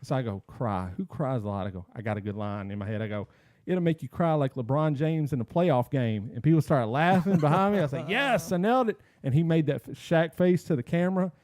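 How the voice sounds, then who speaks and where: A man with a dark, mellow voice tells a story on a podcast in a casual way. He acts out each line people said to him. His voice is recorded dry and close. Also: medium pitch, quick pace, dry recording. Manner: animated storyteller acting out quotes. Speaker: podcast host.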